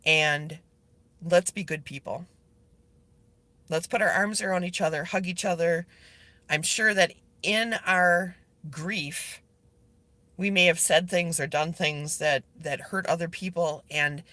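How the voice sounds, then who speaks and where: A woman's voice: lowish voice, takes it slowly, pushed and bright, no echo. A woman livestreaming to her online group, talking earnestly and pleading directly with her viewers as she answers their comments. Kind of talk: casual live video chat, reading viewer comments.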